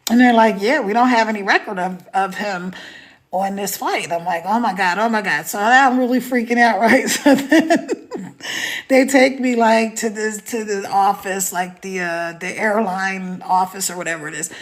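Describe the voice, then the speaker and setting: A woman's voice: medium pitch, normal speed. A woman hosting a live stream, chatting casually, telling a story with laughs and greeting viewers by name.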